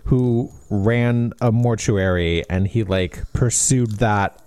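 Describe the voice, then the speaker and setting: A man co-hosting a podcast, chatting casually about books, animated and laughing as he acts out quotes. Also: fairly low pitch, takes it slowly, smooth, dry recording. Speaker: podcast co-host. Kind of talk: casual book discussion.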